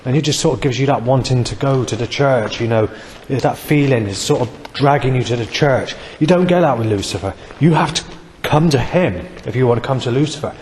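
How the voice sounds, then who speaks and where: A man's voice: mid-range voice, a little mellow. A man talks at length in a meandering monologue, swearing freely and tripping over fillers and half-finished words. His mid-range voice rings with a long reverb, and a faint hiss sits underneath. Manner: rambling, heavily profane, many fillers and restarts. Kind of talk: rambling monologue.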